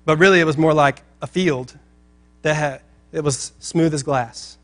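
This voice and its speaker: A male pastor telling a story in a sermon, animated and acting out the people in it. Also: fairly high pitch, unhurried, faint music behind.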